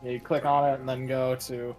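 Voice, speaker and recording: A man's voice: medium pitch, level tone, fairly quick, darkish tone, soft background music, low-quality recording. A man playing a tabletop game with friends, joking and swearing freely as he talks. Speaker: player. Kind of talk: casual tabletop game chat.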